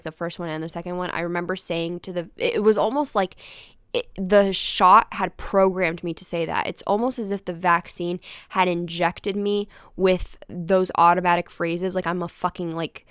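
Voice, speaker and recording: Young female podcast host, chatty storyteller, smooth voice, close dry mic. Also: lowish voice, dry recording. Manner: animated, swears freely, acts out voices in quotes. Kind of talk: casual solo storytelling.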